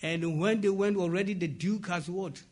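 Mid-sermon, a preacher tells a story and keeps breaking in with "praise God" and "amen," also asking "what?" so the congregation completes his lines. His slightly mellow voice sits high, with fairly even intonation at a moderate pace.

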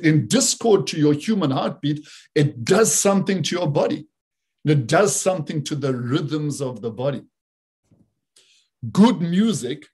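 A man's voice: on the high side, darkish tone, breathy edge. A man presenting a talk, explaining rhythm and imitating beats with sung syllables. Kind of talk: talk with played video clips.

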